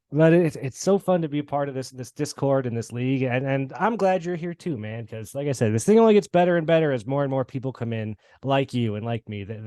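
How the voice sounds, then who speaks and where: A man hosting a gaming league podcast, chatting in an excitable, jokey way with lots of restarts. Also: mid-range voice, no room sound, studio quality. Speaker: podcast host. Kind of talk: casual podcast chat and wrap-up.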